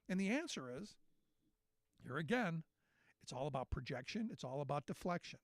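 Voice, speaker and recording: A man's voice: on the high side, animated, a little fast, long pauses, dry recording. A man hosting a talk radio show, delivering a sarcastic, indignant political monologue.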